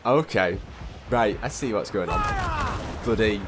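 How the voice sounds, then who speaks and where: A man's voice: mid-range voice, huge pitch swings, slow, background noise. Exasperated young man narrating gameplay. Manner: exasperated, talking to himself, repetitive. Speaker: gamer. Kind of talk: gameplay commentary. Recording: voice over game audio with loud music. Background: loud game music and cannon fire.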